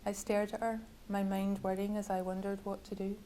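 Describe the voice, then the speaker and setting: A woman author reading from her own novel at a bookshop event, measured and wryly literary. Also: medium pitch, flat delivery, warm tone, a little hiss or hum, poor audio.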